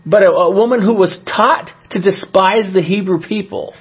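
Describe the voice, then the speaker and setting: Husky-voiced man preaching a sermon. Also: sits high, normal speed, dull audio. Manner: conversational preaching with frequent fillers and restarts. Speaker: pastor.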